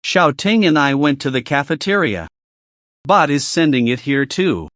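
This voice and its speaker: A man reads out a motion-comic story with a lively, rising-and-falling voice that sits a little high. The sound is dry and close, with no room around it. He hardly changes his voice from one figure to the next. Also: moderate pace, no echo. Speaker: narrator voicing every figure. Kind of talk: scripted motion-comic narration.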